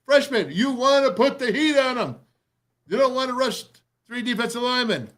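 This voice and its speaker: Middle-aged guy with a highish voice hyped up going over game tape, kinda rambly. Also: normal speed. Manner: excitable, rambling, pumped up. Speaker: radio show host breaking down game film. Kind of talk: film breakdown commentary.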